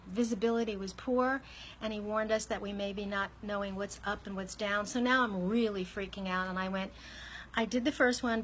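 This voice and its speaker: A woman speaking candidly to camera, telling a personal story in a conversational, animated way. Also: medium pitch, a little hiss or hum, rough recording. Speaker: vlogger.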